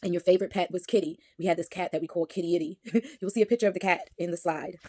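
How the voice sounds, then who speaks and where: A woman's voice: fairly low pitch, fairly even intonation, very fast, a little mellow, no echo, clean studio sound. A woman, casually reading aloud from her son's baby book and reminiscing, chatty and laughing often. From Brooklyn, New York.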